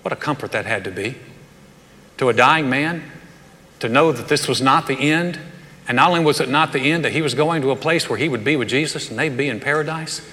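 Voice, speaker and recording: A man preaching a sermon, telling the story in a conversational, animated way with touches of humor. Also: medium pitch, a little fast, big-room sound. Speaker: pastor.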